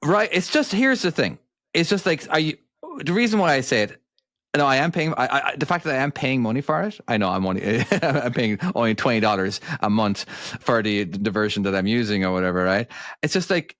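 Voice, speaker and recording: A man's voice: medium pitch, expressive, fairly quick, a bit bright, no room sound. Guy rambling on a podcast, restarts a lot, dry close sound. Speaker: podcast co-host. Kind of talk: casual chat.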